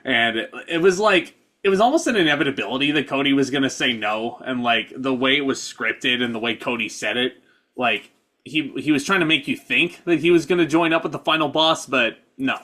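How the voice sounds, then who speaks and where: A man co-hosting a casual wrestling review, talking in a relaxed, hesitant way. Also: medium pitch, brisk. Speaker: podcast co-host.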